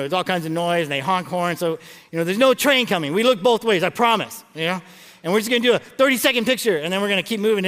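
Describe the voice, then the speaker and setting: A middle-aged male pastor with a high voice preaches a sermon, mixing humorous stories with his message and often restarting mid-phrase. His delivery is lively and conversational. The sound carries the long reverb of a large church auditorium. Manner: animated storytelling with frequent stammered restarts and jokes.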